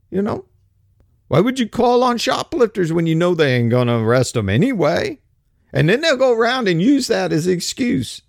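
A man's voice: high-pitched, dry recording, studio quality. A man hosting a podcast, ranting in a casual, colloquial way full of slang. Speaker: podcast host.

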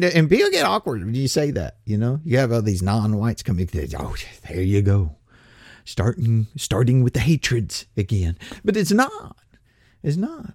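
A man's voice: mid-range voice, darkish tone, no echo, studio quality. A man delivering a sarcastic, mocking opinion monologue as a political commentator.

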